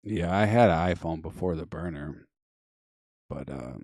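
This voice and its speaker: A man hosting a live-stream call-in show, chatting casually and rambling with lots of fillers while reading out viewer comments, his voice going hoarse. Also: deep voice, a little slow, a little mellow, no room sound, studio quality. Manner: rambling, offhand, many fillers and trailing asides. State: losing his voice.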